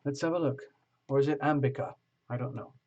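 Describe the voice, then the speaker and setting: Gentle, coaxing man reading tarot. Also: mid-range voice. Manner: gentle, coaxing, slows to read aloud. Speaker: tarot reader. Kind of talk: casual online tarot reading. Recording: slightly dull lo-fi audio.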